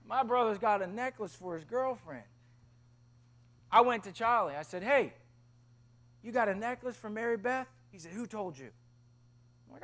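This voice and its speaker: Male preacher, very high voice, animated storytelling sermon, hushed to loud. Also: normal speed, pauses often. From Tennessee. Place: chapel service.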